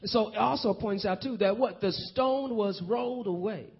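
A man preaching a sermon, swinging from hushed low passages to loud excited calls. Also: normal speed, breathy edge. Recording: dull lo-fi recording.

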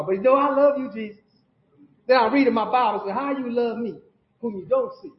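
A man, stacking emphatic repeated phrases and calling out to the congregation. The sound is dull and lo-fi, with the boomy echo of a church sanctuary. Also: fast talker. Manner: preaching with call-and-response asides to the congregation. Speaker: pastor. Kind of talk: sermon.

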